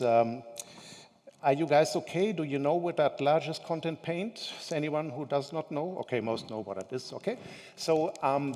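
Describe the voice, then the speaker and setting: A man's voice: fairly high pitch, a little mellow. A man presenting a technical conference talk in a conversational way, now and then asking the audience questions. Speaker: conference speaker. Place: large conference hall. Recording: long hall reverb.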